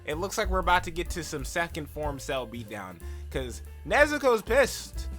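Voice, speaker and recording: Young guy rambling through an anime recap, bright voice, tons of likes and ums, does little voices for the characters. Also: a little high, sing-song, faint music behind. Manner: rambling, filler-heavy retelling, full of "like" and "um"; acts out characters' lines in quick put-on voices. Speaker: anime reaction vlogger. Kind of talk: casual episode recap and reaction.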